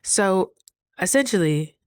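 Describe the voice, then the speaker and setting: A woman's voice: medium pitch, animated, slow, smooth, no room sound. A woman talking through a casual diary vlog, earnest and reflective, sometimes close to tears. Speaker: vlogger.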